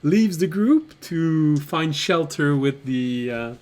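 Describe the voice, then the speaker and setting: Male game master, slow and hesitant narration, slightly high voice. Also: animated, noisy background. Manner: unhurried, hesitant narration with fillers.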